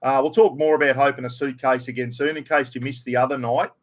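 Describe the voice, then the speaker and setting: A man's voice: mid-range voice, steady tone, quick pace. A middle-aged Australian man hosting a casual livestream, greeting viewers by name and chatting about his weekend and the footy. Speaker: livestream host.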